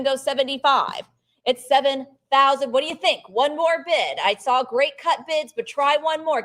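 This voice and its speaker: A woman auctioneer with a notably high voice runs a live sale, rattling off bid amounts in a steady chant. She keeps urging bidders to raise once more and slips in brief remarks on the artwork between calls. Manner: brisk chanted bid calls, coaxing bidders, quick art commentary.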